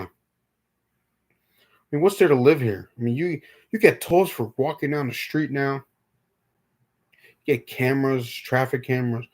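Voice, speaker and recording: A man's voice: medium pitch, a little mellow. A young man from New York talking casually on a live stream, rambling, stumbling over repeated words and answering viewers. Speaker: livestream host.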